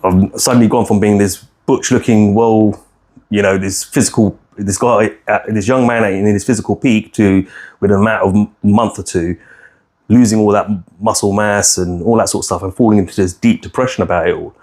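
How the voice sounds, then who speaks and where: A man tells a personal story on a podcast, talking from a fairly low register. He is blunt and unpolished, rambling through restarts and dropping swear words as he goes. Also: steady tone, brisk, a little mellow. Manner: frank, rambling, swears freely, many restarts. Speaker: podcast co-host.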